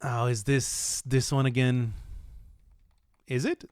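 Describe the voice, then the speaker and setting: A man commenting on a puzzle game as he plays, thinking aloud and hesitating, with sudden bursts of excitement. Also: mid-range voice, takes it slowly, clean tone, dry recording, studio quality. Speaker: let's play host. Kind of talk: let's play commentary.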